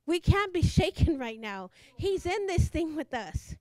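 A woman's voice: very high-pitched, expressive, normal speed, darkish tone, no room sound, clean studio sound. A woman preaching a fervent sermon, repeating phrases and laughing between lines.

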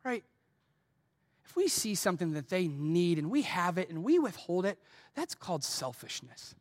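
A man delivers a church sermon, his pitch rising and falling freely as he preaches. He speaks earnestly, turns to his listeners with pointed questions and draws on his own life, then closes in prayer. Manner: earnest, asks the congregation direct questions; tells personal stories. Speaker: pastor.

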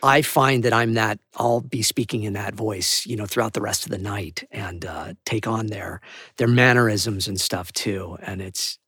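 A man, a voice actor, talking in an animated, rambling, enthusiastic way as a podcast interview guest. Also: on the low side, normal speed, breathy edge, no echo, clean studio sound.

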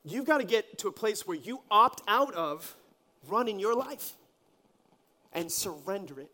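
High-pitched guy preaching, lively and jokey, acts stuff out. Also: unhurried. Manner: animated, joking storyteller who acts out scenes. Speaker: pastor. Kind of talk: sermon.

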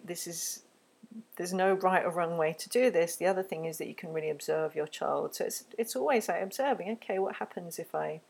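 A woman hosting a parenting podcast, explaining calmly and gently, and dropping into soft, hushed tones when she models what to say to a child. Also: fairly low pitch, creaky, breathy edge, low-quality recording. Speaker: podcast host, parenting educator. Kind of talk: calm instructional podcast talk.

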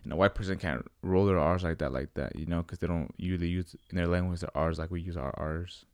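A man's voice: deep voice, steady tone, quick pace, no room sound. A young man chatting casually with a friend in loose slangy talk, full of fillers. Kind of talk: casual chat.

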